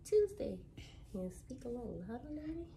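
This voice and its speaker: A mother leading a morning circle at home, patiently asking her child simple questions in a gentle, coaxing way. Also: sits high, sing-song, fairly quick, vocal fry, a little hiss or hum. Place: home, partly near sunlight indoors.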